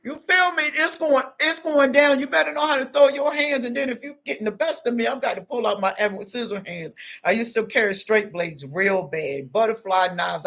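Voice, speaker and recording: A woman speaks with a medium-pitched, fairly bright voice, giving spiritual advice off the cuff. She talks straight at the listener, bluntly and confrontationally, using plenty of street slang and tags like "you know what I'm saying."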